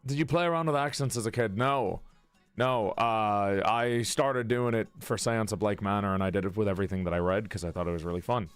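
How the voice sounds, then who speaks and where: A man's voice: on the low side, fairly quick, smooth, no echo, faint music behind. A male live streamer in casual chat who laughs, swears, greets his viewers and keeps repeating one line to practice an accent.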